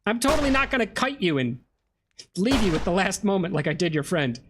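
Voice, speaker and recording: A chatty game streamer talks through the play with a lively, bouncing voice that swoops up and down. The commentary is casual and self-mocking, full of fillers and quick laughs at their own mistakes. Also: mid-range voice, noisy background. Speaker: gameplay streamer.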